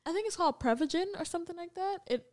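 A woman's voice: extremely high pitch, very fast. A woman with a Jamaican accent, co-hosting a podcast and telling stories in loose, profane, laughing casual chat. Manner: animated storytelling, swearing freely, laughing often. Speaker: podcast co-host.

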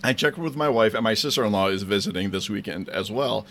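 A man co-hosting a casual podcast, wry and teasing with quick asides. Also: on the low side, animated, gravelly, a bit bright, a little hiss or hum. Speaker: podcast co-host. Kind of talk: casual chat.

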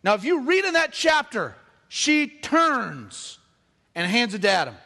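A middle-aged man preaching a sermon, animated and joking with the congregation. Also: extremely high pitch, measured pace. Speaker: pastor.

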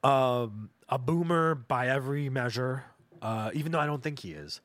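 A man's voice: medium pitch, animated, moderate pace, fairly bright tone, no room sound. Foul-mouthed man telling stories. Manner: profane, rambling, jokey. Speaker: podcast host. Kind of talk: comedic storytelling monologue.

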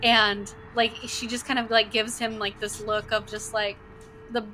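A woman's voice: on the high side, level tone, measured pace, pushed and bright, slight background noise. A woman narrating a tabletop game as game master, rambling loosely with lots of filler words.

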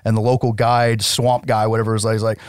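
A man from the United States co-hosting a casual film chat, animated, swearing and laughing often as he recaps the plot. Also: on the low side, quick pace, clear, resonant tone, no room sound, clean studio sound. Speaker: podcast co-host.

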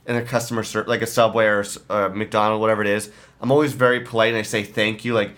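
A man's voice: lowish voice, fast. Man telling a story in casual chat. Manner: animated, acts out quoted voices. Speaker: podcast co-host.

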